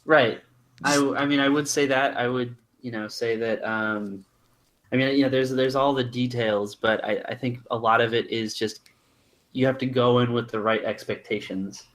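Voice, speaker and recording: A man with a Californian accent, a podcast guest who explains his points at length in a measured, casual way. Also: mid-range voice, steady tone, a bit bright. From Arizona and California, USA.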